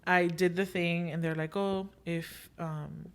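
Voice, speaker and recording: A woman's voice: lowish voice, slow, creaky. A young woman hosting a podcast, telling a story in casual chat, acting out what people said and slipping in Spanish filler phrases. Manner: lively retelling, acting out quoted dialogue. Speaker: podcast host.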